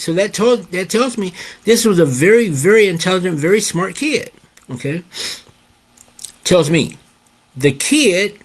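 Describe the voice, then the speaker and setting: An older man telling a story in a casual, animated way, often checking in with "okay?" and addressing his viewers as guys. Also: high voice, normal speed. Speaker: host.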